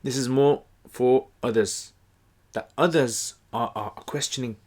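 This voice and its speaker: A man giving a casual explanatory lesson, conversational and relaxed, with many fillers and restarts. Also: mid-range voice, unhurried. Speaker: Quran teacher.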